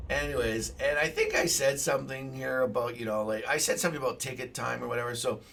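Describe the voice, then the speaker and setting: A man giving casual commentary over his own gameplay, excitable, swearing and bursting into shouts. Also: mid-range voice, fast, vocal fry, far from the mic.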